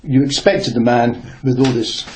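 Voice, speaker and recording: An older man reminisces in an oral-history interview, his story meandering through hesitations and restarts. His voice sits at an ordinary pitch, and a faint hiss of noise lies under the recording. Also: flat delivery, moderate pace. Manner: rambling, hesitant, with many fillers and restarts. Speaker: interviewee, former newspaper reporter.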